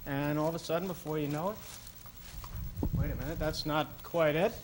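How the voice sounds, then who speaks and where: A man's voice: on the high side, fairly quick, a little hiss or hum. A man performing as a guest comedian on stage, telling a long rambling joke while juggling, stopping to correct himself. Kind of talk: stand-up storytelling with juggling. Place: stage before a live audience.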